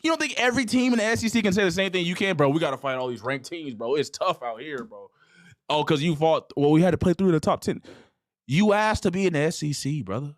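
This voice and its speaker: A man's voice: on the high side, expressive, fast talker. A man co-hosting a sports talk show, ranting and mock-quoting others in casual slang. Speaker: podcast co-host.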